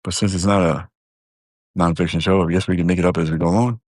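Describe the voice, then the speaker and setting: A man with a very low, deep voice hosts a casual live stream, rambling loosely from one thought to the next with plenty of fillers and restarts. He jokes around and talks straight to his viewers. The sound is dry and close. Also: steady tone, fast, a little mellow, no room sound. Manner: joking, talks directly to viewers.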